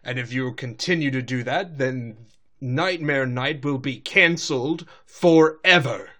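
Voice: medium pitch, measured pace, sharp tone. A podcast co-host voicing a regal female pony princess from a cartoon, in formal, old-fashioned royal speech. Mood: stern. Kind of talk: recapping a cartoon episode.

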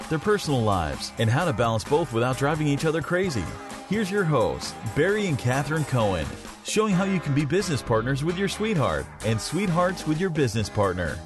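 Upbeat guy announcing a show intro, lively fast read, music under it. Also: medium pitch. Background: music bed.

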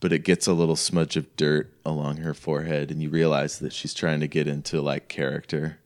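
A man with a low, deep voice narrates as game master in a tabletop role-playing session. He talks casually, rambling and leaning on "like" as he sets each scene. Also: flat delivery, a little fast. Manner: casual, rambling, heavy use of "like".

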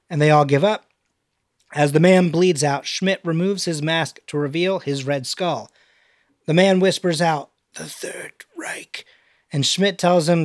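A chatty young man with a slightly higher voice than most men hosts a casual podcast. He reads from his notes, breaking off for quick asides. The sound is close and dry. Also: no room sound. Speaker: podcast host. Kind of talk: casual chat and script read-through.

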